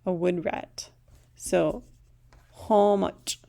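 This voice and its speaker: A woman's voice: mid-range voice, slow, gravelly, pauses often, a little mellow. A woman teaching a recorded language lesson, patiently saying each word twice.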